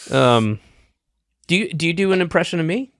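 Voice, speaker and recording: A man's voice: fairly high pitch, expressive, brisk, no echo. A middle-aged man hosting a podcast, chatting casually with a dry, rambling, self-deprecating manner. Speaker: podcast host. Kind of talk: casual comedic chat.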